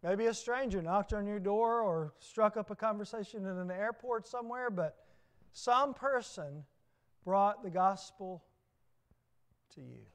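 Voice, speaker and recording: A Southern-accented man preaches at a measured pace, his voice notably high for a man. In a steady sermon rhythm, he presses his points with repeated phrases and questions put to the congregation.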